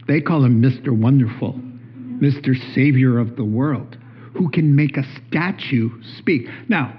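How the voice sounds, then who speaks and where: Lively, higher-voiced male preacher. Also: breathy edge. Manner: animated, joking asides and rhetorical questions. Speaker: pastor. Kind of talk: sermon. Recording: dull lo-fi recording.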